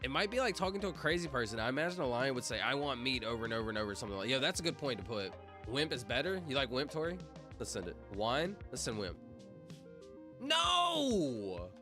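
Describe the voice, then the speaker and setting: A man chats loosely with his viewers on a live stream, and his voice swings up and down a lot as he talks. He spells words out letter by letter while music plays clearly behind him. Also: medium pitch, expressive, quick pace. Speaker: livestreamer. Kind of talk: casual livestream chat. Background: music playing.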